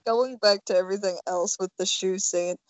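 A woman's voice: medium pitch, fairly even intonation, moderate pace, dry recording, low-quality recording. Chatty woman podcaster, dry close sound. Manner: chatty, rambling, full of "like" and "you know". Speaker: podcast co-host. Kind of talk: casual film-discussion podcast chat.

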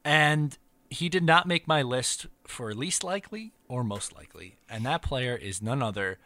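A man hosting a podcast, chatting casually as a lively, wry sports fan. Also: medium pitch, normal speed. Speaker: podcast host. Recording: dry close mic.

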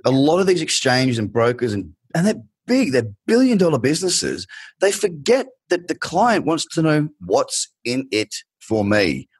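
A man's voice: on the high side, big pitch swings, moderate pace, slightly rough, no echo. A man hosting an interview, talking animatedly and acting out the people he quotes. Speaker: podcast host. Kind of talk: conversational interview.

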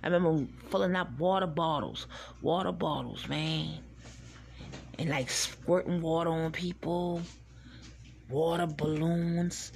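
Husky low-ish woman just rambling about the old days on her podcast, chill and chatty. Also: unhurried, darkish tone. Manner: rambling, laid-back, swears and laughs while reminiscing. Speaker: podcast host. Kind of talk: casual storytelling monologue.

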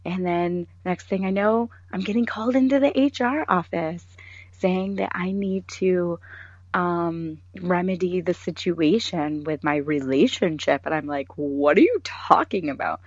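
A woman's voice: lowish voice, unhurried, darkish tone, dry recording. A woman in her thirties co-hosting a podcast, telling a story in casual chat and mimicking others in quoted voices. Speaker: podcast co-host. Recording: dull lo-fi sound.

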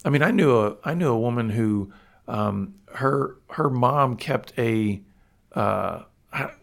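Gravelly man thinking aloud. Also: mid-range voice, expressive. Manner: reflective, halting, with frequent restarts and fillers. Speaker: co-host. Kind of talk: faith-based podcast conversation.

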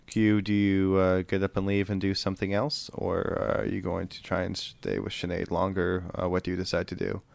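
Low, smooth-voiced male game master. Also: fairly quick, few pauses, no room sound. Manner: relaxed, with frequent fillers. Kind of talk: narrating a tabletop game.

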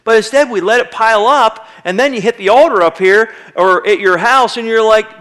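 High-voiced pastor preaching conversationally. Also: male voice, moderate pace, fairly bright tone. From United States. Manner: conversational preaching, acts out little quoted voices. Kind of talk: sermon. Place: church sanctuary.

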